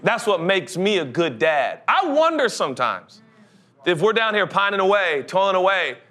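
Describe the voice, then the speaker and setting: A young adult man preaching a sermon as pastor, animated, slipping into comic voices and building to an urgent pitch. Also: normal speed.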